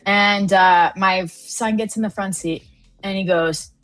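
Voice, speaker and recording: A woman's voice: mid-range voice, steady tone, slow pace, a bit bright, faint music behind. A woman from Canada, co-hosting a live show and chatting casually, telling stories and laughing often. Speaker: co-host of a trading live show. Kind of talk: casual chat.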